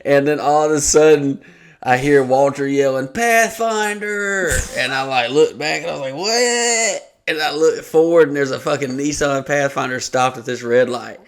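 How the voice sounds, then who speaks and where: A man's voice: medium pitch, little pitch movement, fairly quick. A young adult man hosting a podcast, casually telling a rambling, profane story full of fillers. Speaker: podcast host.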